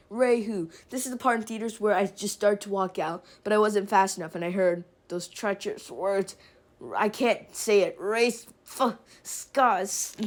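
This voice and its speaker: Woman, casual film rant; sarcastic, rambling, exasperated; unhurried delivery. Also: mid-range voice. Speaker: video essayist.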